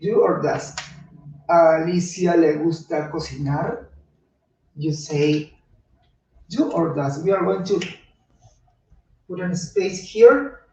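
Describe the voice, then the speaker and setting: A man teaching an English grammar lesson, speaking slowly and repeating words with frequent "okay"s. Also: on the high side, lively intonation, mellow. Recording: echoey distant lo-fi room recording.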